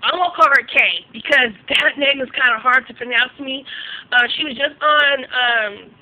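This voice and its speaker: Very bright, high-voiced blunt woman vlogger. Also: normal speed, poor audio. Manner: blunt, profane, outraged. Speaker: vlog host doing gossip reviews. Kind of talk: casual gossip commentary.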